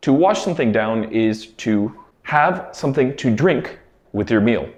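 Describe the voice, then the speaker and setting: A man teaching everyday English phrases, explaining clearly and slowing down to model each one. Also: mid-range voice, animated. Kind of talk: English pronunciation lesson. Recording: roomy echo.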